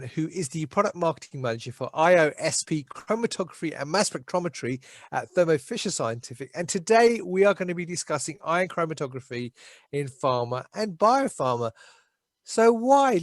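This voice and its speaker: A man's voice: on the high side, expressive, normal speed. Cheerful man hosting a video call. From South London, England. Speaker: interview host.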